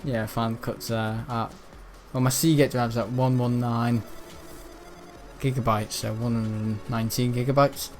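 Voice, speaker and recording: A man's voice: mid-range voice, fairly even intonation, unhurried, faint music behind. A teenage boy with a Merseyside accent, chatting casually on a stream, hesitant with lots of ums and restarts. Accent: Merseyside English. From the Wirral, England. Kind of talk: rambling casual chat.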